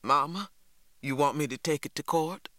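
A man voicing a stern, weary farmer father who speaks low, quiet and clipped. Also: moderate pace, dry recording, studio quality. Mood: grim.

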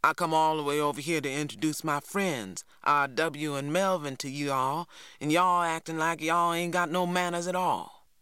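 A reader voicing a boastful, needy teenage boy, talking loud and wheedling. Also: mid-range voice, steady tone, moderate pace, few pauses, smooth, dry recording, studio quality, lightly acted.

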